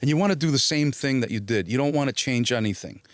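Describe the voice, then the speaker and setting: A middle-aged man, born in Italy and raised in New Jersey, appears as an actor guest in a casual interview, telling a story at a quick pace in a medium-pitched voice. Animated throughout, he imitates the voices he quotes and swears freely. The recording is dry.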